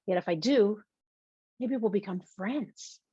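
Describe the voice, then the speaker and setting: A woman's voice: medium pitch, a little slow, mellow, breathy edge, no echo. A woman narrating a first-person novel in a confessional, wry way, in a muffled lo-fi recording. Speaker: audiobook narrator. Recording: dull, dry lo-fi recording.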